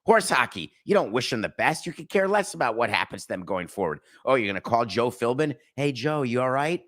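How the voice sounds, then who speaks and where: A man's voice: mid-range voice, lively intonation, brisk, fairly bright tone. A middle-aged man hosting a sports podcast, giving casual, sarcastic commentary and slipping into mock voices.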